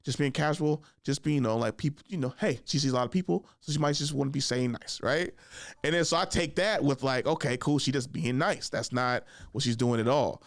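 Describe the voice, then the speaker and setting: A young man hosting a podcast, telling funny stories in a casual chat, jumping into high voices to act out other people and laughing along. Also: brisk, no room sound, clean studio sound. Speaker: podcast host. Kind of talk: casual storytelling monologue.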